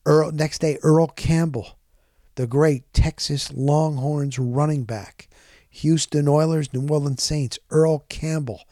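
Animated rambling male podcast host. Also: fairly high pitch, slow pace, no echo, studio quality. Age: middle-aged. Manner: rambling, animated, self-correcting. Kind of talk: casual storytelling monologue.

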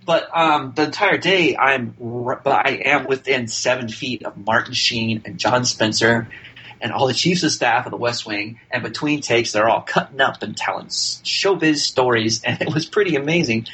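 Bright-voiced man telling a chatty story. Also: mid-range voice, moderate pace, a little hiss or hum, rough recording. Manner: chatty, with many fillers and restarts. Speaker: actor and podcast guest. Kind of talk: casual anecdote telling.

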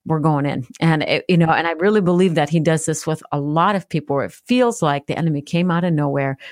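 A woman's voice: deep voice, fast, darkish tone, no room sound, studio quality. A middle-aged woman, a guest author, gives a personal testimony in an interview. She tells her story earnestly and vividly, and acts out the prayers she remembers.

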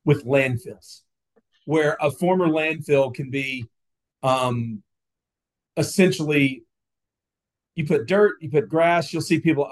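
A man's voice: a little high, slow, long pauses. Emphatic man arguing his case. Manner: emphatic, repetitive, argumentative. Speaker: guest, nuclear industry advocate. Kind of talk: passionate interview talk.

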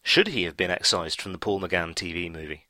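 Podcast host guy doing the outro, low voice but bright and sharp, dry close mic. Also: expressive, no room sound. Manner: brisk, upbeat sign-off.

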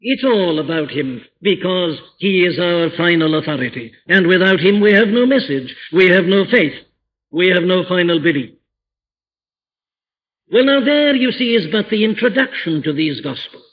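An older man preaching from the pulpit, his voice pitched high and ringing with emphasis as he quotes scripture in old English. It is a dull, lo-fi archive recording, and a long reverb hangs in the church behind him. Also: expressive, moderate pace. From Wales. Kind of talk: sermon.

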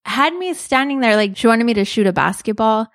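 A woman's voice: fairly high pitch, animated, fairly quick, no echo, clean studio sound. A young woman telling a funny story in a casual, chatty way, with lots of "like" and laughter.

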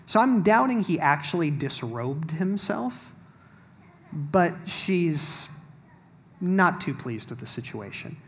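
A man's voice: a little high, very animated, takes it slowly, fairly bright tone. A man giving a sermon as pastor, reading scripture and explaining it in a wry, conversational way with asides to the congregation.

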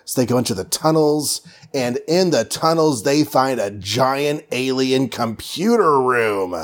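A man's voice: medium pitch, lively intonation, unhurried. A man recapping a comic book in a casual, playful, rambling way with many fillers.

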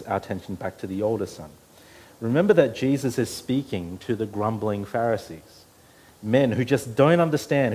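A man's voice: medium pitch, a little mellow, slightly rough. A pastor preaching an earnest sermon to his church, his voice rising when he quotes scripture.

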